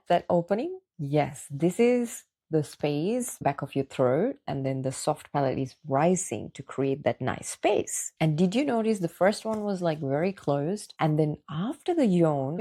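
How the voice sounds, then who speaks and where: A woman vocal coach leads a guided singing lesson, encouraging the listener through each exercise. Her voice sits a little low and sounds mellow and warm. She speaks at an unhurried, patient pace.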